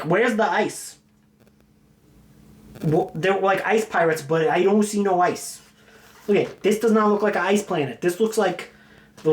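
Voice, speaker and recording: Rambling, jokey man hosting a vlog. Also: a little high. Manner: rambling, jokey, self-mocking. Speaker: video host showing his film collection.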